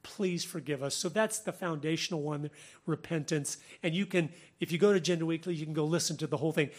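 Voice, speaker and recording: A man hosting a Christian talk show, speaking earnestly, laughing often and quoting people in lively voices. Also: fairly high pitch, fast. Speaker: Christian podcast host. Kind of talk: religious commentary, conversational.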